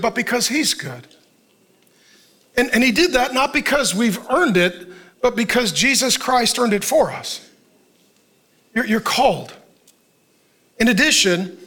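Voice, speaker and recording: A middle-aged male pastor preaching with a high, bright, forceful voice. He jumps from shouted lines to soft, hushed asides and laughs at himself along the way. His talk is lively and personal. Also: measured pace, pauses often. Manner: animated, shouting peaks, drops to soft tender asides; laughs often, self-deprecating humor. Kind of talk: sermon.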